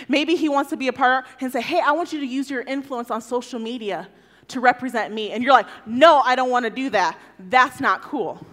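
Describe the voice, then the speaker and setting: A young woman giving an animated sermon to a youth audience, telling stories and acting out voices. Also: on the high side. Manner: animated storytelling, acts out voices. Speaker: youth speaker. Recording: long hall reverb.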